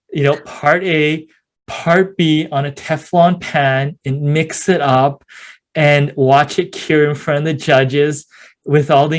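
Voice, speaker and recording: His voice sitting on the high side, a man guesting on a podcast spins stories in loose interview conversation. He dramatizes scenes as he goes and uses many fillers, "you know" among them.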